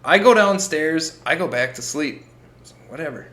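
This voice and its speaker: A man's voice: a little high, lively intonation, normal speed, bright, forceful tone, roomy sound. A young man co-hosting a podcast, telling a story in a casual, profane way and acting out the quotes. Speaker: podcast co-host.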